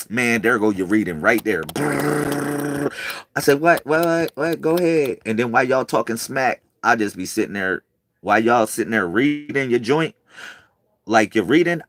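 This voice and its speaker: A man talking casually to his viewers, excitable and slangy, repeating himself and swinging from loud bursts to quiet murmurs. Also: on the high side, breathy edge. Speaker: video creator.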